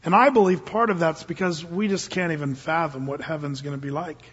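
Preaching at a church service, an older pastor speaks in a relaxed, sincere manner that abruptly swells into forceful emphasis. His voice sits a little high, steady in tone, somewhat bright and breathy, and fairly quick. The recording is dull with long reverb.

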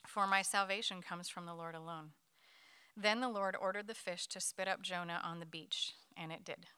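A woman leading a Bible study, reading a scripture passage aloud to her group at a quick pace. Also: on the low side, clear, resonant tone, no echo. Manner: quick, lively reading with light laughs.

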